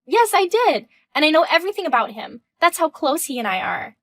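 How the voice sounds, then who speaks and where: Woman voicing a condescending young mistress, high and dry, taunting. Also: big pitch swings, fairly quick, a bit bright, no room sound, full character voice. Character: smug young woman student, the husband's mistress. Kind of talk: reading a text-message story.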